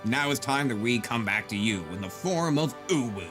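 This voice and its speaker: A gaming YouTuber with a medium-pitched, expressive voice gives casual, joking gameplay commentary at normal speed. He laughs often and bursts into mock-grandiose outbursts while game music plays.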